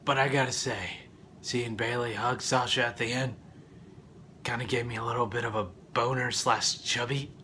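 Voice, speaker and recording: A young man gives a loose, swear-heavy wrestling recap in a bright, forceful voice. He wanders through his points, then bursts out loudly before dropping back to a mutter, with faint noise underneath. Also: medium pitch, fairly even intonation, moderate pace. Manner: profane and rambling, with loud outbursts. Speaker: wrestling reviewer. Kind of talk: casual review vlog.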